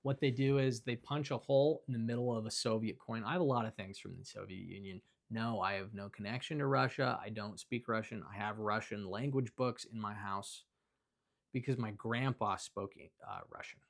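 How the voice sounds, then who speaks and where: A man's voice: fairly low pitch, fairly even intonation, normal speed, gravelly. A young man chatting casually as he reviews things around his house, rambling with lots of fillers and self-corrections. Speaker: video creator reviewing his belongings. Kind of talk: casual off-the-cuff review chat.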